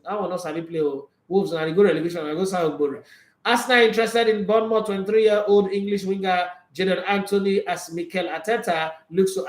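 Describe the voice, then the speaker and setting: A high male voice, reverberant in the recording, belongs to a Nigerian man going through football transfer headlines. He laughs often, tosses in jokey pidgin remarks and doesn't hold back his opinions in this casual read-and-react chat.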